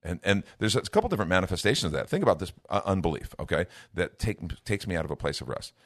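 A man's voice: sits low, big pitch swings, fast, no echo, clean studio sound. A middle-aged man, a minister, teaching from the Bible in an earnest, conversational way. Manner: earnest, lifts his voice to act out everyday speech.

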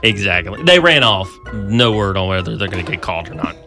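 A man co-hosting a casual radio show, animated and chatty, his voice jumping up when excited. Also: deep voice, fairly quick, creaky, over music. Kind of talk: casual morning show chat.

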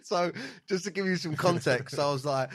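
A man's voice: a little high, moderate pace. A young man hosting a podcast, telling a rambling, sweary story with frequent laughter. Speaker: podcast host. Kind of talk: casual chat.

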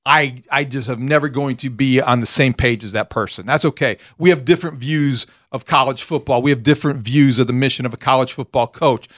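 A man's voice: mid-range voice, fairly quick, few pauses, fairly bright tone. A man hosting a sports talk show, speaking earnestly and emphatically about college football. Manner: earnest, emphatic, laughs easily. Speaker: sports radio host, former college football player.

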